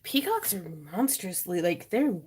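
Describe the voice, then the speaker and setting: A woman's voice: mid-range voice, sing-song, measured pace, darkish tone, slightly rough. A woman hosting a craft livestream, chatting with viewers and giggling as she demonstrates wire wrapping. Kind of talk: casual livestream chat and tutorial. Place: home craft room.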